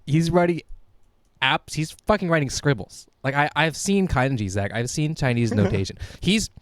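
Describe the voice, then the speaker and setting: A man's voice: on the high side, expressive, moderate pace, no room sound, studio quality. A young man, a podcast co-host, rambling through a funny story in casual chat, laughing and swearing freely. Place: small podcast studio.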